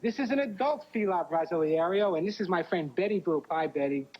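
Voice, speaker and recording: Husky male animal expert. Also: high voice, lively intonation, fairly quick. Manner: friendly, talking to children. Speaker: animal expert on a children's TV show. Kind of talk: presenting to kids. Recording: dull 1980s TV sound.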